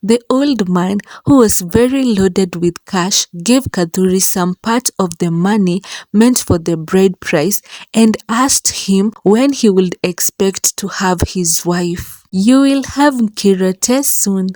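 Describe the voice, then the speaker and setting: Slow-telling woman storyteller. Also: mid-range voice, a little mellow, no room sound. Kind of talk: folktale narration.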